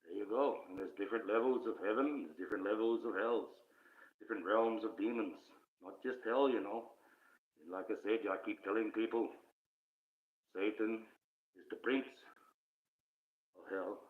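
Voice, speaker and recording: Low-voiced man in an ominous put-on voice. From Australia. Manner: puts on an ominous put-on voice rather than his real one; slow, rambling spiritual musings. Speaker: live streamer. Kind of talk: casual spiritual monologue on a livestream. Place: indoors, speaking under a mask by candlelight. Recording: tinny phone-like audio.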